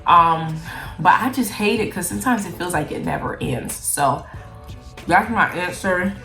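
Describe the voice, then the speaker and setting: A woman's voice: lowish voice, a little slow, pushed and bright, reverberant, faint music behind. A young adult woman from Jamaica, chatting candidly in a casual Q&A vlog, peppering her talk with "like". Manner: candid, chatty, heavy use of "like". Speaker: vlogger. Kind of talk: casual Q&A chat while eating.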